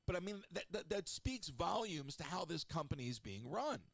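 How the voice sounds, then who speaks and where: A middle-aged man hosting a radio show, chatting in a snarky, rambling way with lively asides. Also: fairly high pitch, normal speed, gravelly, dry recording. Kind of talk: casual solo radio talk.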